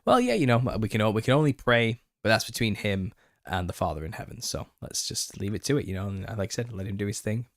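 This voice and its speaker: A man hosting a live Q&A stream, reading viewer comments and answering them with exasperation and laughter, his voice a little raspy. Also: fairly low pitch, big pitch swings, fast talker, a bit bright, no echo, clean studio sound. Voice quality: slightly raspy. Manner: reads out chat comments and retorts, exasperated, laughing. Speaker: channel host answering viewer questions.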